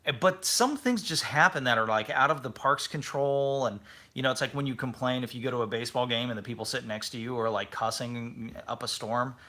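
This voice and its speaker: A man in his thirties, co-hosting a casual family travel chat and telling stories with lively acted-out quotes. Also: medium pitch, fairly quick. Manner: animated storytelling, acts out quotes. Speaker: podcast co-host.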